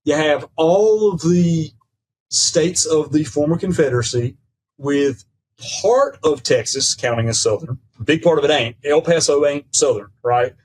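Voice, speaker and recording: A man with a fairly high voice talks in a measured, professorial way, drifting between academic terms and folksy "ain't". He keeps checking in with "right?" as he builds his case. A faint rumble sits under the recording. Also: lively intonation, poor audio. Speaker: podcast guest, professor of Southern studies. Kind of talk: conversational lecture.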